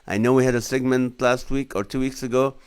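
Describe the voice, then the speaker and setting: A man in his forties hosts a relaxed live stream as a comedian, reading viewers' comments out loud and laughing along with their jokes. His voice is smooth and clear, sitting at an ordinary middle pitch. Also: brisk. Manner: jokey, reads comments aloud and laughs along. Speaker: comedian and show host.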